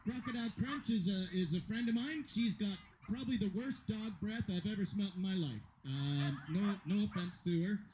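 A man's voice: sits high, normal speed, hardly any pauses, darkish tone, highs cut off, a little hiss or hum. A man giving rambling, joking live commentary at a dog agility competition. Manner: joking, rambling, self-deprecating. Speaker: event commentator. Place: dog agility event venue.

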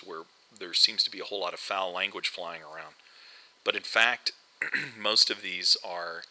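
A middle-aged man hosts casual game commentary, chatting over gameplay and rambling with plenty of fillers and restarts. His voice sits low with a sharp tone, and the audio is poor.

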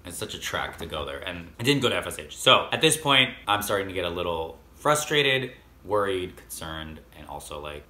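A low-voiced man rattles through a casual storytime vlog at a quick clip, his tone bright and forward. He acts out both sides of each exchange, and he sounds a little under the weather with the odd cough. The recording has a roomy echo. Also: slight background noise. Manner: animated storyteller, acting out quoted dialogue. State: feeling sick, occasional coughs. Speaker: vlogger.

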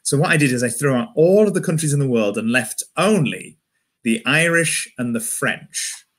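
A man's voice: mid-range voice, expressive, normal speed, fairly bright tone. A man with a Yorkshire accent doing a wry stand-up comedy set from home, often restarting his phrases.

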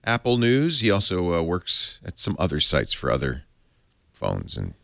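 A man's voice: low-pitched, wildly swooping pitch, normal speed, gravelly, fairly bright tone, dry recording, studio quality. A man hosting a tech podcast, thanking guests and reading plugs with playful, jokey patter. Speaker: podcast host.

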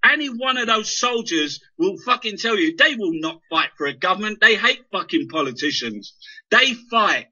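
Man, high and sharply bright, furious sweary stammering rant, dull lo-fi sound. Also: sing-song, moderate pace, slightly rough. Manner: heavy swearing, repeated stammered words. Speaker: guest. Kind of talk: impassioned political rant. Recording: dull lo-fi internet radio audio.

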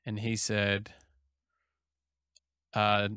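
A man's voice: on the low side, normal speed, a bit bright, no echo, studio quality. An Australian man chatting casually as a podcast guest, thinking aloud with restarts. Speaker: guest producer.

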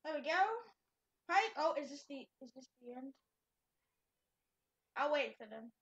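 A woman's voice: high-pitched, a little slow, a bit bright, muffled recording. A woman giving playful, chatty gameplay commentary, talking to herself with sudden exclamations. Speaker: gamer.

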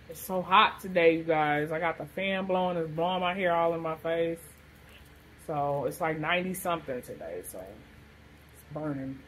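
Low, slow-talking woman vlogger. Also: a little hiss or hum, rough recording. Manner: chatty, rambling, lots of fillers. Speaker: vlogger showing a shopping haul. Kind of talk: casual haul vlog. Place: hot room with a fan blowing.

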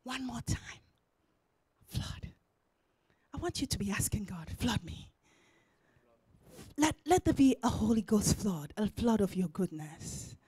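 A woman preaching a sermon in church, swinging from shouted declarations to near-whispers. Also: mid-range voice, very animated, moderate pace, husky, dry recording.

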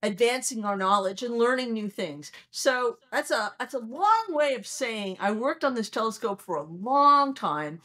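A woman in her sixties, a planetary astronomer telling stories in a conversational interview, animated and acting out her excited reactions. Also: fairly high pitch, moderate pace, hardly any pauses. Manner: animated storyteller who acts out her own excited reactions.

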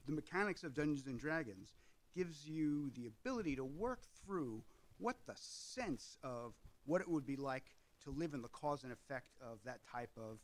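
Brief: male host for a tabletop explainer, mid-pitched, discursive. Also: poor audio. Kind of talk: explainer video on tabletop gaming.

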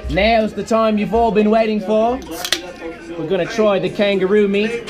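Young male vlog host, high voice, goofy and profane, music playing behind. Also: steady tone, moderate pace. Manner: goofy, swears, laughs a lot. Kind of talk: joking casual vlog.

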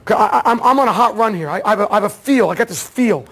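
A man teaching an automotive diagnostics seminar, telling a case story in a casual, excitable way and acting out the dialogue. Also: sits high, fast, husky. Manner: casual slangy talk, repeats words. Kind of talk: seminar lecture.

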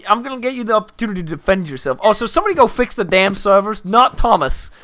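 A man with a high, bright voice that swings up and down a lot. He gives orders as the office manager in a multiplayer game, half joking and quick to laugh. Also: big pitch swings. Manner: bossy, laughing, role-playing a boss. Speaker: game streamer.

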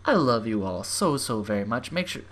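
A young adult gaming YouTuber giving excitable let's-play commentary, gushing and swinging from squeals to murmurs. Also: medium pitch, moderate pace.

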